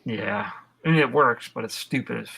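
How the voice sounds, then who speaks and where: A man co-hosts a casual film review podcast, recapping a horror movie's plot with dry, laid-back jokes. His medium-pitched voice is husky, pushed and bright, with vocal fry, at a normal speed.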